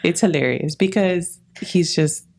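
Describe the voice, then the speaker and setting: A woman's voice: lowish voice, a little slow, vocal fry, darkish tone. A woman hosting an interview, talking in a supportive, reflective and casual way. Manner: supportive, reflective, many "like" fillers. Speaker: podcast host.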